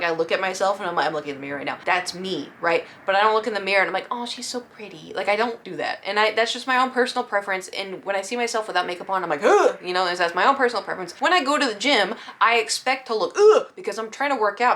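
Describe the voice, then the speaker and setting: Fast-talking woman rambling through a storytime. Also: medium pitch, fairly bright tone. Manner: chatty, rambling, filler-heavy, self-deprecating. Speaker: streamer. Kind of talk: casual storytime chat.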